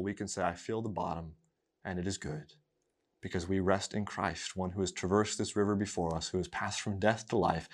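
Low-voiced man preaching a sermon. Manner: builds with rising emphasis, then drops to quiet tenderness.

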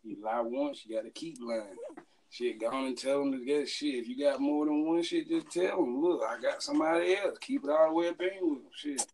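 A laid-back man speaks as a podcast guest, answering briefly. His voice is gravelly with fry, at an ordinary pitch. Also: fairly quick, darkish tone, slight background noise. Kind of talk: casual chat.

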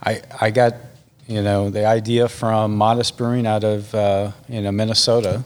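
A man who runs a brewery talking as a guest on a casual podcast, laid-back and halting, with restarts. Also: fairly low pitch, little pitch movement. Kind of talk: casual interview chat.

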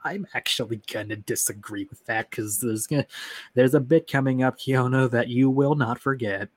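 A man chatting casually about a video game, retelling moments with animated acted-out lines. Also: mid-range voice, normal speed, no room sound. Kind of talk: casual game discussion chat.

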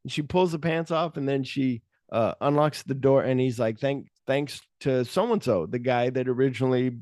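A man's voice: medium pitch, moderate pace, a little mellow, dry recording, studio quality. A man co-hosting a podcast, retelling movie scenes animatedly, acting out the quotes and swearing freely. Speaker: podcast co-host. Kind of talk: casual movie chat.

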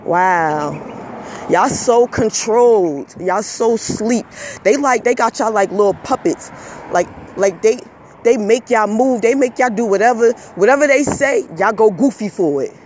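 A man's voice: high-pitched, expressive, a little slow, slight background noise. A man delivering a heated, emphatic monologue rant, repeating himself, scolding listeners and swearing when worked up.

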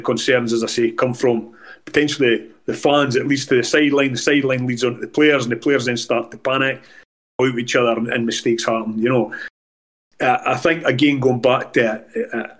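A man with a Scottish accent, a former footballer, telling animated stories as a podcast guest. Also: medium pitch. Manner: animated, rambling anecdotes with many restarts. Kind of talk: casual storytelling in a podcast interview.

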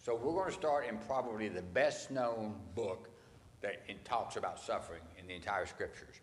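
A man's voice: fairly low pitch, normal speed, big-room sound. A man, a pastor, preaching a morning sermon in a conversational, folksy, tongue-in-cheek way.

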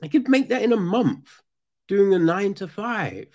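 Animated profane man. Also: sits high, normal speed. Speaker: true crime commentator. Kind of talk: casual commentary.

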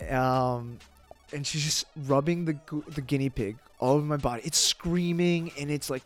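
A man, a podcast guest, telling a personal story in casual talk, animated, with lots of fillers and swearing. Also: on the high side, moderate pace, faint music behind.

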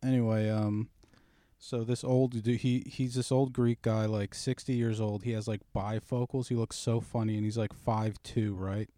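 A man's voice: on the low side, level tone, normal speed, warm tone, no room sound, studio quality. A man telling a story in a casual podcast chat, swearing freely and teasing his co-host.

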